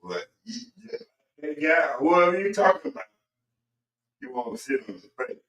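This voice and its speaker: Older man, high bright voice, profane stammering ribbing, off-mic in an echoey room. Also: very animated, normal speed, far from the mic. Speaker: co-host husband.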